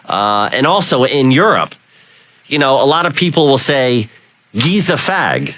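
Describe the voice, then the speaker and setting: Male talk radio host, mid pitch, dry studio sound, loose anecdotal delivery. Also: lively intonation, moderate pace, a bit bright, no echo. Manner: rambling, anecdotal, many "you know" fillers. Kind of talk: casual radio chat. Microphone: studio microphone.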